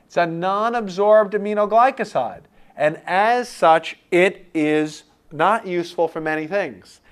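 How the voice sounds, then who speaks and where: A man lecturing for a medical board exam review, animated and playing out imagined student replies. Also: a little high.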